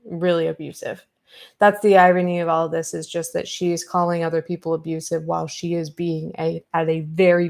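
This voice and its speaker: A woman hosting a commentary podcast, retelling an online feud in an animated, fired-up way and acting out the exchanges. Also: fairly low pitch, vocal fry. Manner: animated, fired-up retelling with quoted back-and-forth. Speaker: podcast host.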